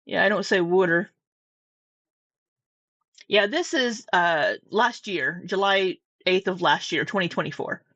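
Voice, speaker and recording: A woman's voice: lowish voice, unhurried, long pauses, fairly bright tone, no room sound. A woman from Southwest Missouri with a Midwestern American accent, rambling casually through reaction commentary, with restarts and swearing. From Southwest Missouri, USA. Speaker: commentary vlogger. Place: home room at her desk. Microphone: camera mic close up.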